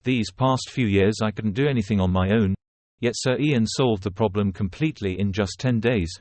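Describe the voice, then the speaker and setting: A man's voice: on the low side, normal speed, darkish tone, no room sound, natural voice. A man voicing an earnest, worried male general who is grateful to his savior, in a storybook recap.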